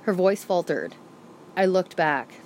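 A woman narrates a first-person novel as an audiobook, her voice a little low for a woman with a darkish tone and lively intonation. Her reading is brisk and vivid, with a faint hiss behind the recording.

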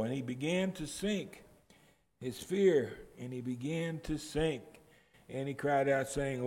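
A man's voice: mid-range voice, slow, darkish tone. A man preaching a sermon, retelling the story and building to emphatic outbursts. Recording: long reverb of a large hall.

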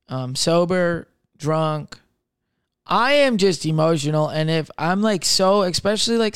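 A young man in a casual podcast chat rambles through personal stories, packed with fillers and swearing. His voice is a little high and smooth, recorded in clean studio sound with no room noise.

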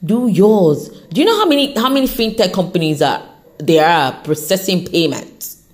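A woman hosting her own podcast, giving an unscripted motivational talk straight to the listener, encouraging and animated, with an accent that shifts as she talks. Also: lowish voice, normal speed. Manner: accent shifts while talking. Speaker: podcast host.

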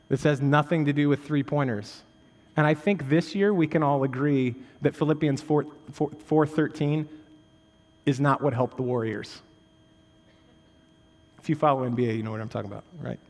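The sound is that of a big room, where a male pastor preaches in a casual, conversational style. Jokes and "right?" asides come often, and his delivery moves from forceful, raised emphasis down to quiet, low stresses.

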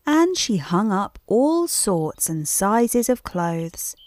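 A woman reads a bedtime story in a gentle, unhurried way. Her voice moves up and down with a lively melody. The recording is close and dry. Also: medium pitch, no echo.

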